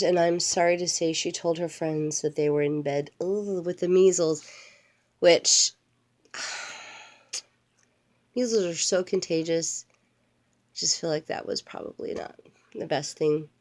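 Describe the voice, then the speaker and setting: A woman's voice: fairly low pitch, unhurried, pauses often, darkish tone. An older woman, a grandmother, reading a storybook aloud to her grandchild and wandering into playful, chatty asides. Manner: playful, digressive, talks straight to a grandchild.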